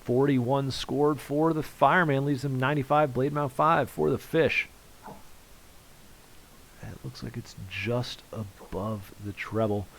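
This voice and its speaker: A man commentating live on a darts broadcast, calling each throw and score in an easygoing, conversational manner. His pitch sits in a middle range, and he chats with viewers between throws. A faint hiss runs under the recording. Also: unhurried, creaky, fairly bright tone, rough recording. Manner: voice rises sharply on big finishes.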